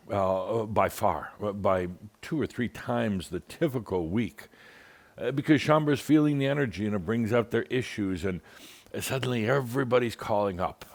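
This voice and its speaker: A man with a very low voice leads a spiritual gathering as a channeled teacher. He speaks theatrically and teases his listeners with wry humor. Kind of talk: monthly spiritual gathering talk.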